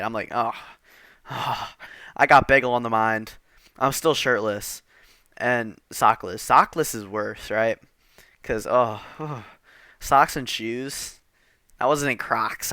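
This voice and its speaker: A man's voice: medium pitch, bright, forceful tone, no room sound, studio quality. A man telling a rambling, profane storytime, exasperated and casual.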